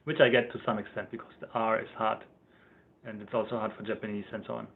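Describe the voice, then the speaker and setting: A man's voice: fairly low pitch, level tone, fast talker, vocal fry. German guy rambling on a livestream, laughs a lot, thin phone-ish audio. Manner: chatty, rambling, laughs often, reads out chat comments. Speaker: livestream host. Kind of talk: casual livestream chat. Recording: tinny phone-like sound.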